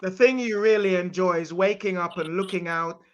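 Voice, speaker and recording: A man's voice: high-pitched, moderate pace. A man interviewing a guest, plainly summing up her answers. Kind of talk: interview questions. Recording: loud background noise.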